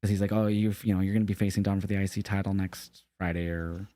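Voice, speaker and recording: Low-voiced man recapping wrestling casually. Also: flat delivery, fast, dark tone. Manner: rambling, loose, swears casually, self-correcting. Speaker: podcast co-host.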